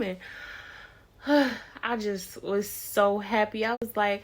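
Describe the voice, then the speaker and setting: A woman's voice: mid-range voice, steady tone, slow pace. A young woman vlogger telling a personal story in a chatty, casual way, repeating words and acting out what people said.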